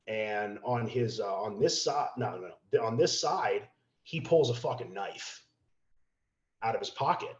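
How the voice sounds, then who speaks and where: Unhurried and on the low side, this man tells a casual story as a podcast guest, swearing freely and animatedly voicing the people he quotes. The podcast audio comes across roomy and slightly dull.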